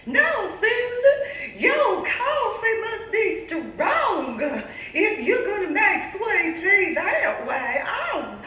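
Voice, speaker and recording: A woman voicing an exasperated Southern woman friend, loud and drawn out, in an echoey room far from the mic. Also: very high-pitched, sing-song, extremely slow, pitched above the performer's own voice, heavily acted. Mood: insistent.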